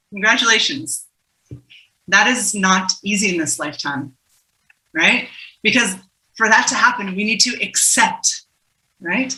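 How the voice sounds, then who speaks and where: A very bright-toned, chatty woman hosts an interactive workshop over a video call. She sounds upbeat and engaging. Her computer mic picks up a noticeably echoey room. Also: medium pitch, expressive, unhurried, long pauses. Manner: upbeat, chatty, greets participants by name and laughs often. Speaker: keynote speaker and workshop host. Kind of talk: interactive online workshop talk. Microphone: computer microphone on a video call.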